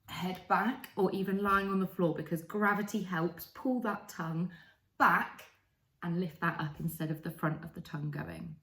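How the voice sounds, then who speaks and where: Woman explaining speech sounds, echoey room. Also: fairly low pitch. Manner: demonstrates speech sounds slowly and clearly. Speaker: speech and language therapist. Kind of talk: instructional explainer.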